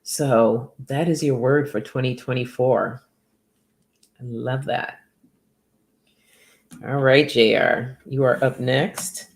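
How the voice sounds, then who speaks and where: A woman's voice: rumbling low, fairly even intonation, takes it slowly, pauses often. A woman giving casual oracle card readings to viewers by name, chatty and upbeat, laughing often.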